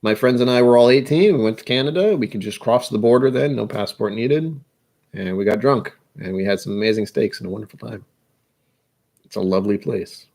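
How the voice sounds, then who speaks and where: A man's voice: fairly low pitch, fairly quick, gravelly, darkish tone. Self-deprecating American man musing aloud. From United States. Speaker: whiskey channel host. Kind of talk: casual rambling monologue.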